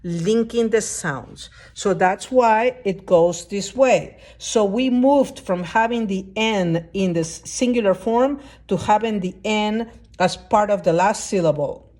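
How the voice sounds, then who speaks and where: A woman's voice: medium pitch, unhurried, darkish tone. A woman teaching a lesson at a whiteboard, explaining step by step and often checking that the class understands. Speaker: Spanish teacher.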